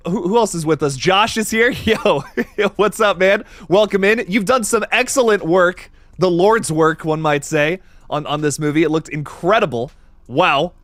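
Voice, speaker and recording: A man hosting a live horror-movie stream, excitable, laughing often and reading viewer comments aloud. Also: sits high, dry recording. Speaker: livestream host.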